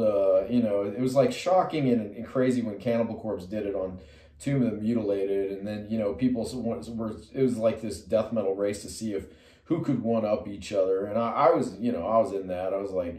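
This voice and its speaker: A middle-aged man with a mellow, darker voice tells a rambling personal story to camera. He drifts off on tangents, restarts his sentences and leans on fillers, then jumps up high and loud when he acts out what he said. The room is echoey and he sits some way back from the mic. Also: brisk. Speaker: metal musician and artist. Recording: roomy sound from a distant mic.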